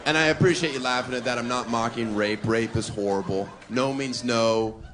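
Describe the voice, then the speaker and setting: A man's voice: mid-range voice, moderate pace. A man performing a stand-up comedy set on a club stage, brash and provocative, mocking his audience. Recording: live club with crowd laughter and noise.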